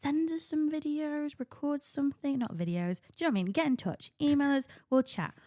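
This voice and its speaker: A woman's voice: sits high, brisk, mellow, no room sound, clean studio sound. A British woman co-hosting a podcast in casual chat, chatty and laughing easily. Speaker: podcast co-host.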